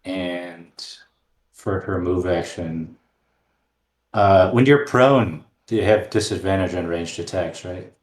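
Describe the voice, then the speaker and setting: A man's voice: deep voice, slow. A man casually playing a tabletop game, explaining his moves in a wry, offhand way. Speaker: player. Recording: roomy echo.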